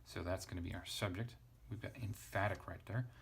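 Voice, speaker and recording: A man's voice: low voice, fairly even intonation, a little fast, creaky, a little hiss or hum. A man teaching a casual lesson, thinking aloud as he spells out letters and parses a text. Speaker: Greek teacher.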